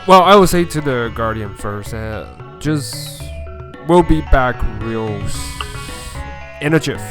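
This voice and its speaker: A man's voice: mid-range voice, expressive, slow pace, fairly bright tone, soft background music. A man playing a tabletop game who laughs often and speaks hesitantly. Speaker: player. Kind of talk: casual chat.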